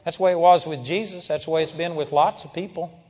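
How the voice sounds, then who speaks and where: An older man preaching a sermon, telling stories in a lively way and now and then bursting into loud shouts of praise. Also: fairly high pitch, quick pace. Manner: storytelling, animated, breaks into loud praise shouts. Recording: long hall reverb.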